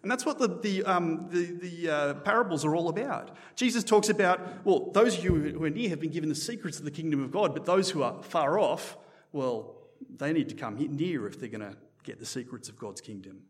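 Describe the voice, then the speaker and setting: A man preaching a sermon in a church in a conversational, animated way, often restarting his sentences. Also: a little high, fairly quick, long reverb tail. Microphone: microphone.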